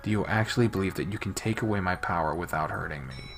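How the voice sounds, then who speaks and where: A man hosting a let's-play, reading a visual novel aloud with expressive delivery that swings between soft and loud. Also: low voice, fast talker, faint music behind. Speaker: game let's-play host.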